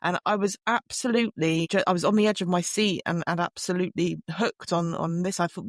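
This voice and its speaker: A woman's voice: medium pitch, a little fast, hardly any pauses, dry recording, clean studio sound. Chatty woman, laughing storyteller. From United Kingdom. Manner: chatty, laughs often, with frequent restarts. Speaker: guest, forensic linguist. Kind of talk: podcast interview, telling her story.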